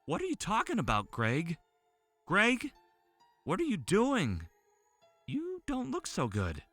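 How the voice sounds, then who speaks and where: Panicked young woman in a horror tale, high and pleading; male narrator doing her. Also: huge pitch swings, takes it slowly, fairly bright tone, no room sound, soft background music, full character voice. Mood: alarmed. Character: frantic young woman lab colleague.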